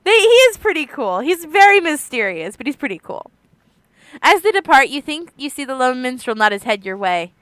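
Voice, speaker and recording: A woman's voice: high-pitched, sing-song, moderate pace, a bit bright, no echo. A young woman streaming a story game, chatting casually and giggling between readings. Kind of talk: casual let's-play commentary.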